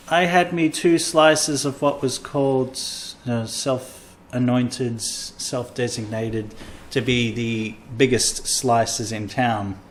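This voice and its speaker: A man's voice: mid-range voice, slight background noise. A man hosting a casual comedy podcast, rambling and self-mocking as he tells a travel story. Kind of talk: casual chat.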